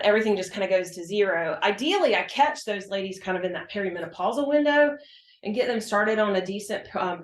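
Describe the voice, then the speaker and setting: A woman working as a hormone health practitioner, chatting emphatically in an interview and acting out her exchanges with patients. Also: mid-range voice. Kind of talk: casual interview explanation. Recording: roomy echo.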